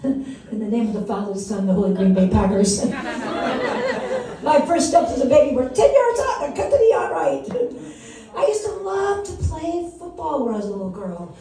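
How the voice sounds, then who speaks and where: Older lady rambling through comedy bits, mellow warm tone, roomy distant sound. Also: high-pitched, very animated, moderate pace, some chatter behind. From Wisconsin. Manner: rambling, self-mocking, laughs at her own jokes. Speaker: stand-up comedian. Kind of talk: stand-up comedy set. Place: small comedy venue. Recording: echoey room from a distance.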